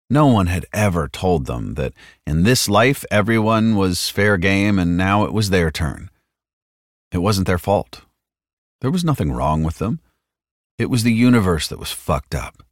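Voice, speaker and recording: A man reading a science fiction audiobook in a measured, expressive narration. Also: deep voice, dry recording, clean studio sound.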